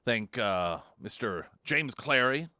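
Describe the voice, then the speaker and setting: A man's voice: medium pitch, lively intonation, slow, sharp tone, no room sound, clean studio sound. A man hosting a morning talk radio show, chatting and giving opinionated commentary with many fillers and restarts. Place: radio studio. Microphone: studio microphone.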